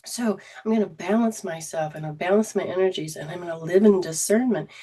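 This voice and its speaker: A woman's voice: on the low side, a little fast, warm tone, breathy edge. A woman hosting a livestreamed spiritual talk as a metaphysical teacher, rambling and repeating herself and acting out the voices she quotes. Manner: rambling, repetitive phrasing, acts out quoted voices. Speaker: metaphysical teacher and show host.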